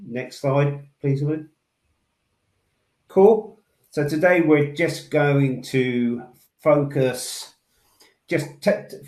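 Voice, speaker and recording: An Englishman with a Somerset West Country accent giving a relaxed, rambling webinar presentation over a video call, with fillers and restarts. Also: medium pitch, reverberant. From England. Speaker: building technologies manager presenting a webinar.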